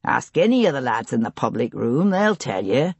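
In a storybook reading, a woman voices a gruff male tavern keeper, a scarred former soldier with a West Country burr. His low, husky voice is surly, clipped and taunting, with a scoffing mood and big pitch swings. The pace is moderate, the recording dry, and the delivery heavily acted.

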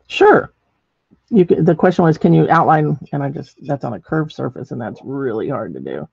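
A woman's voice: extremely low pitch, lively intonation, fairly quick, gravelly, slightly rough, no room sound, dull audio. A middle-aged woman demonstrating ceramic painting in a chatty way, thinking aloud as she works. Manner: chatty, thinks aloud while working, many ums.

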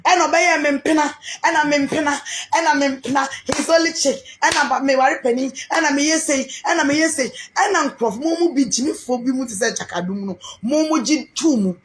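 Ranting Ghanaian woman, high-pitched. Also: brisk, few pauses. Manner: animated, repetitive, mixes Twi and English. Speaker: businesswoman. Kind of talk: heated rant to camera.

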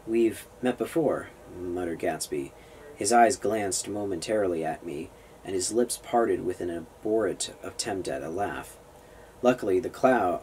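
A man's voice: sits low, darkish tone, a little hiss or hum, low-quality recording. A man reading a novel aloud, stumbling over words and restarting lines. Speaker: reader of a novel on a public access show.

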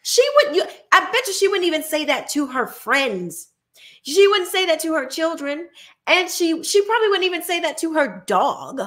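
A woman's voice: high-pitched, animated, moderate pace, a bit bright. A woman hosting her own show, giving an emphatic, preachy opinion monologue and mocking the people she quotes. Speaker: host.

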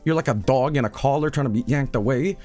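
A man's voice: medium pitch, quick pace, darkish tone, soft background music. A man, a streamer casually telling a rambling, self-mocking story.

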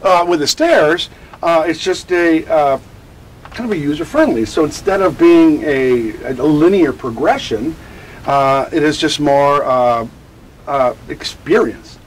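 A man who teaches about grief speaks in an interview with a slightly high voice that swings widely in pitch. His answers wander from one point to the next, and he acts out the quotes he tells. A faint hiss sits under the recording. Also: a little slow, rough recording. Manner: animated, digressive, acts out quotes. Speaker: grief educator.

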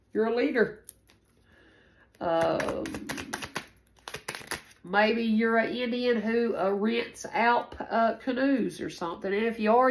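A woman's voice: a little high, fairly bright tone, rough recording. A woman giving a casual spoken tarot reading, rambling and repeating herself, with frequent swearing. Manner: rambling, repetitive and profane. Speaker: tarot reader.

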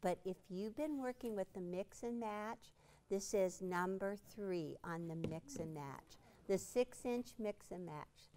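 A woman's voice: mid-range voice, measured pace, mellow. A woman hosting a live quilting demonstration, chatting playfully and quizzing a small studio audience. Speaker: quilting instructor and show host.

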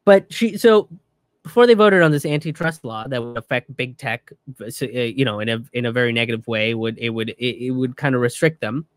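A man giving a casual, profane commentary rant in an animated way. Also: mid-range voice, brisk, no echo, studio quality.

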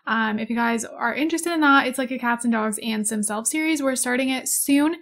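This young woman in her twenties is a gaming YouTuber doing a casual let's-play, rambling over her gameplay, giggling and gushing about cute animals. Her voice is on the high side, a little fast and creaky, with a fairly bright tone.

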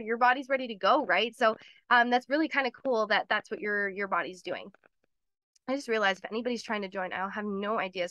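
A woman hosting a live online course, explaining in a chatty, quick way, laughing often and acting out little voices. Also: a little high, bright, forceful tone, no echo. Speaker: course host. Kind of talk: live webinar lecture.

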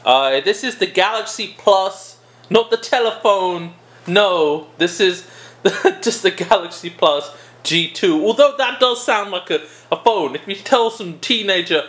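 Animated joking man reviewing perfume. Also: sits high, a little slow. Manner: joking, rambling, self-interrupting. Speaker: video host reviewing a perfume. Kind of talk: casual product review vlog.

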